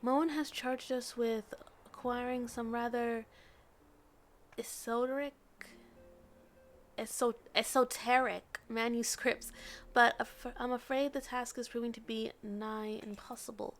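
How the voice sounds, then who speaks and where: A woman's voice: on the high side, steady tone, measured pace, close to an everyday voice. A woman reading as a fussy little male scholar. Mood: weary. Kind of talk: reading game dialogue aloud.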